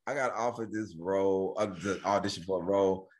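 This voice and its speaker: A middle-aged man from Houston, a stand-up comedian telling stories as a guest, lively and quick to slip into put-on voices. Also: low-pitched. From Houston, Texas. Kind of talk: animated storytelling chat.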